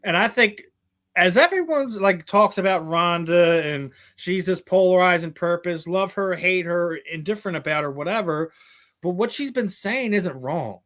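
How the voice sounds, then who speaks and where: A male host talking combat sports in a relaxed chat, his voice sitting a little high and sounding bright and forceful. He builds long, winding arguments, piling one opinion onto the next. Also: normal speed. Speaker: interview host.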